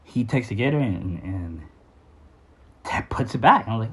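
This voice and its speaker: A man's voice: fairly low pitch, expressive, normal speed, a bit bright, breathy edge. A man telling a candid personal story about his childhood, with frequent restarts and some swearing.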